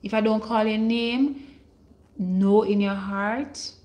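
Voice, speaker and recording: Woman minister on a live stream, slow unhurried delivery, calling out names and praying, prophetic. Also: mid-range voice, steady tone. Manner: slow and warm, calling out viewers' names and blessing them; preachy, prophetic declarations. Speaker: online minister hosting a livestream. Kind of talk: livestream greetings and prayer.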